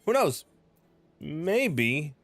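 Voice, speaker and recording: A man's voice: on the high side, sing-song, extremely slow, a bit bright, soft background music. A man streaming a game, thinking aloud and chatting casually between reading quest text. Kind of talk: casual let's play commentary.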